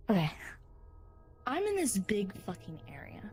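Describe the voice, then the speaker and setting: A young adult woman playing her character in a tabletop game, muttering, swearing and breaking into teary shouts. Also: high voice, sing-song, measured pace, faint music behind. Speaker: player. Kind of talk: in-character tabletop role-play.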